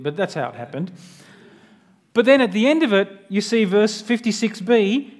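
A man delivers a sermon in a notably high voice. He keeps it earnest and conversational rather than grand. He keeps drawing the listener in with direct questions. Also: big pitch swings, moderate pace. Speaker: preacher.

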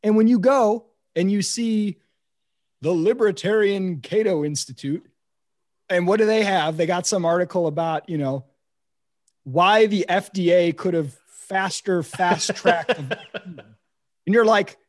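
A man speaking as a podcast guest, animated and sarcastic, cursing as he vents. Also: high voice, unhurried. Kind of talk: casual political podcast chat.

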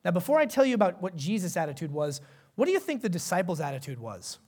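Animated pastor preaching a conversational sermon. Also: male voice, high-pitched, a little fast. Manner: conversational, animated, asks the congregation questions.

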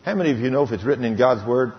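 A man's voice: medium pitch, animated. A preacher tells his testimony from the pulpit, emphatic and dramatic. He drags scripture out word by word. The recording is dull and carries the long echo of a big hall. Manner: emphatic storytelling, slows right down on scripture. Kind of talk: sermon testimony.

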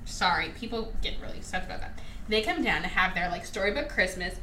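A woman hosting a podcast in casual chat, talking in an animated, profane, ranting way. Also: mid-range voice, fast, far from the mic, a little hiss or hum. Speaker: podcast host. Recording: roomy, off-mic.

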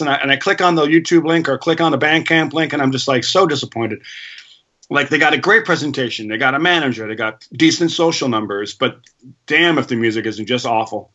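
A man who manages a band, chatting casually as an interview guest and telling lively stories in which he acts out other people's lines. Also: medium pitch, fairly quick, muffled recording. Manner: animated storyteller acting out quoted dialogue. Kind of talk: casual conversational storytelling.

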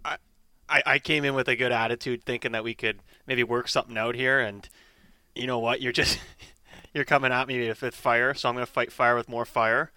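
A man plays up his hurt feelings in a comedy bit, laughing between lines. His tone is bright and forceful at an ordinary pitch. It is recorded dry and close. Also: steady tone, fairly quick, clear, resonant tone, no room sound. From Canada. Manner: mock-offended, dramatic, laughing between lines. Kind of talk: comedic sketch.

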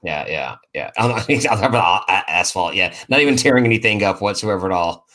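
Low-voiced man hosting a casual podcast. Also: lively intonation, a little fast, pushed and bright. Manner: loose and joking, laughs often, repeats words. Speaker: podcast host. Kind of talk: casual sports podcast chat.

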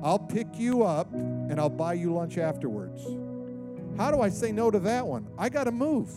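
This pastor delivers his sermon animatedly, giving voice to each person he quotes. He speaks at a moderate pace in a high register, with music playing under him.

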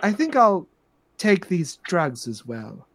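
A man's voice: high-pitched, wildly swooping pitch, takes it slowly, fairly bright tone, heavily acted. Man doing a purring old sorceress grandmother. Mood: silky menace. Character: sly old sorceress grandmother with sharp teeth.

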